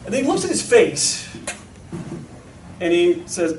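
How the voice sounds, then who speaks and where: A man in his thirties giving a casual talk to parents, telling stories with lots of fillers and lively asides. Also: sits high, unhurried. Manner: storytelling, animated, lots of fillers. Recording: echoey hall from far off, faint noise.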